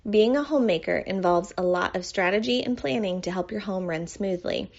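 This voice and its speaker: A woman reading a podcast announcement in a bright, upbeat way. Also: mid-range voice, a little fast, gravelly, dull audio. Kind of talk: read announcement.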